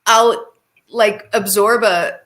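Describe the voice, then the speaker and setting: A woman's voice: mid-range voice, steady tone, slow, fairly bright tone. A woman who acts in a stage play, chatting in an interview with enthusiasm and frequent giggles. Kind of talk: casual interview chat.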